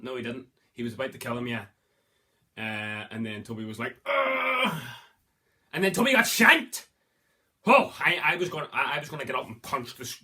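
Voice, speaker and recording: A man giving a casual movie review, rambling and excitable, breaking into loud exclamations of delight. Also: fairly low pitch.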